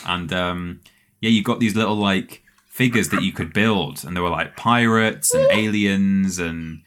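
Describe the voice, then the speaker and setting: A man's voice: sits low, measured pace, fairly bright tone, clean tone. A man co-hosting a casual podcast, telling long anecdotes with laughing asides. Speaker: podcast co-host.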